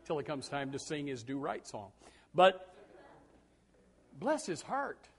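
A male pastor preaching with a high, lively voice that climbs and falls a lot. He talks in a folksy, joking way, with quiet asides and sudden loud shouted bursts. He often repeats words as he starts a thought. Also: slow pace, slightly rough. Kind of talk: sermon.

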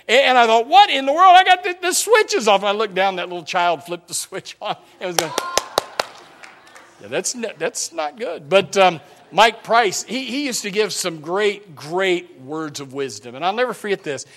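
A man delivers a sermon in a rambling, folksy way, circling back through stories with frequent restarts. His voice sits a little high and has a bright, forceful edge. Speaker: preacher.

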